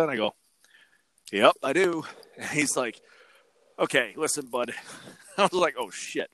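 A man's voice: mid-range voice, normal speed, pauses often, no echo. A young adult man casually telling a story on a podcast, acting out the other people's lines. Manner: animated, acts out quotes. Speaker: podcast co-host.

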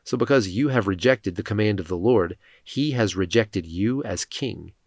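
A man's voice: on the low side, expressive, normal speed, dry recording, clean studio sound. A man reading as a stern old prophet. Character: stern older male prophet rebuking a king.

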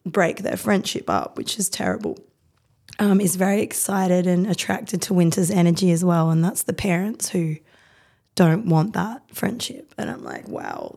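A woman in her thirties, a podcast guest talking candidly in a rapid, rambling, heartfelt way with many fillers. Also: on the low side, gravelly, a little mellow. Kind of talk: candid conversational interview.

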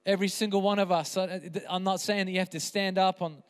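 A man's voice: high-pitched, little pitch movement, fast talker, smooth. A man preaching an impassioned sermon as pastor, with emphatic repeated phrases. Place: church hall. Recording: reverberant hall.

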